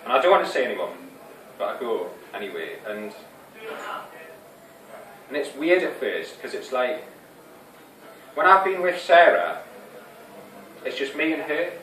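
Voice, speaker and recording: A wistful theatre monologue at a small fringe venue has a male actor portraying a nervous, lovesick young man, halting and rambling with frequent restarts. The mid-pitched voice swings widely in pitch, moves slowly with frequent pauses and sounds a bit bright; the room echoes, the mic is distant, and there's a faint hiss.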